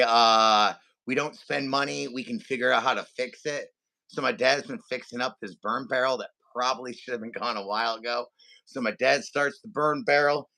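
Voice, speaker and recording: A man co-hosting a podcast, telling a family story in animated casual chat and acting out his relatives' voices. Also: medium pitch, gravelly. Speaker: podcast co-host.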